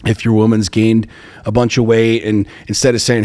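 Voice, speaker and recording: A man's voice: on the low side, steady tone, a little fast, a little mellow. A man co-hosting a relationship podcast, talking bluntly and emphatically with plenty of profanity. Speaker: podcast co-host. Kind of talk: casual chat. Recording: long hall reverb.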